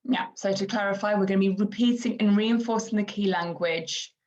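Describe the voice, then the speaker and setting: Female educator, measured training-talk delivery, mid pitch, slightly dull call audio. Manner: calm explaining, slips into slow exaggerated child-directed examples.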